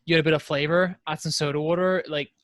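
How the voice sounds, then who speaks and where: Casting: chatty male podcast co-host, voice a touch high, dry close-miked sound. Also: fairly even intonation, fast talker, fairly bright tone, no room sound. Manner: chatty, laughs often, swears casually. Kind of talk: casual chat.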